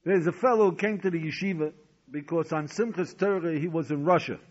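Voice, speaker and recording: A man's voice: a little high, a little fast. A man teaching a Talmud lesson as a sermon, telling stories dramatically and asking rhetorical questions. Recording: dull lo-fi recording.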